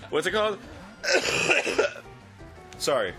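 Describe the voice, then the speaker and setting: A man's voice: sits high, wildly swooping pitch, vocal fry, pushed and bright, soft background music. A man co-hosting a game show in casual banter, joking and laughing, with a lingering cough left over from being sick. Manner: slow, joking, breaks into laughter. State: lingering cough after illness. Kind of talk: casual let's-play banter.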